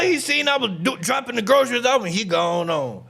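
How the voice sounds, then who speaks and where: A male live-stream host tells stories in a loud, profane style. His high voice swoops up and down with a lot of life. It is bright and gravelly, with rough fry. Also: brisk. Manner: animated, profane storytelling, often shouting. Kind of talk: casual live-stream commentary.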